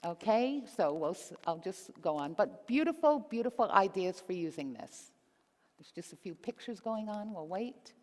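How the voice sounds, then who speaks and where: An upbeat woman gives a live talk in a conference hall, regularly posing questions to the audience. Her medium-pitched voice is animated and somewhat dark, delivered at a moderate pace. The hall is reverberant, with slight background noise.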